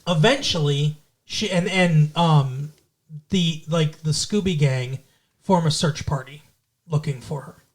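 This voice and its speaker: Rambling man with a raised pitch. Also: slow. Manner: rambling, many fillers and swearing. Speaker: podcast co-host. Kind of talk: casual episode recap.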